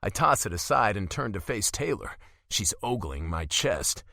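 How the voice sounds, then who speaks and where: A man narrating a romance audiobook in first person, expressive and wry. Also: fairly low pitch, normal speed, gravelly, no room sound, clean studio sound.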